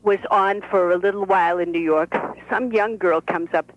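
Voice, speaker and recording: A woman's voice: fairly low pitch, fairly even intonation, moderate pace, no room sound, natural voice. Woman voices brassy elderly grandmother, Brooklyn-Yiddish accent, talky and pushy, over a dull phone line. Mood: boastful, chatty. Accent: Brooklyn with Yiddish inflection. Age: older. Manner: brash, folksy, talks over people. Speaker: playwright performing her character. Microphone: telephone.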